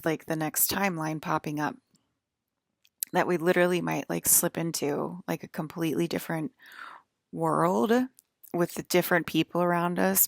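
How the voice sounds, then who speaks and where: A woman's voice: low-pitched, creaky, no room sound, clean studio sound. A young woman talking in a rambling, casual monologue full of fillers and apologies. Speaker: vlogger.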